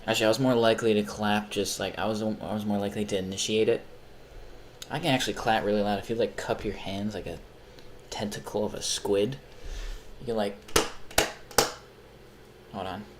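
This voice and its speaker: A man's voice: fairly low pitch, fairly even intonation, fairly quick, long pauses, noisy background. Rambling, profane young man streaming. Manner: rambling, profane, self-mocking. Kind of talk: casual live-stream chat while gaming.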